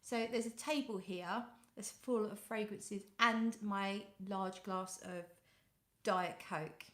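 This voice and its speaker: A woman's voice: medium pitch, takes it slowly, reverberant. A British woman hosting a casual fragrance live stream, greeting viewers by name and reading out their comments. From United Kingdom. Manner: coos softly when talking to her cat. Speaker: fragrance livestream host. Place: home room.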